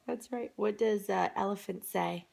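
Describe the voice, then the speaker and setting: A woman's voice: mid-range voice, normal speed, gravelly, a little mellow. A mother at home filming her toddler, coaxing her in playful, sing-song baby talk.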